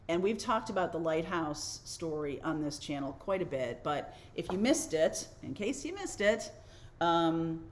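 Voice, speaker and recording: A woman's voice: on the low side, a little mellow, a little hiss or hum. Chatty woman giving a tarot reading. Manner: chatty, reassuring, thinks aloud with fillers. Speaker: tarot reader and channel host.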